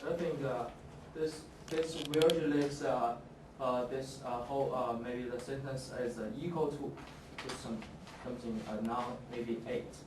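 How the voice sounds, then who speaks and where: A man's voice: medium pitch, steady tone, unhurried. Hesitant man student in an echoey classroom. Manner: hesitant, gropes for words with many fillers. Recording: very echoey classroom, far from camera, noisy.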